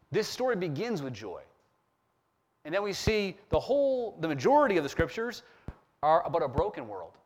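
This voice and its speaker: A man preaching a sermon, reading scripture slowly and with emphasis between plainer explanations. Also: fairly high pitch. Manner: expressive preaching, slowing down on scripture quotes. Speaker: pastor.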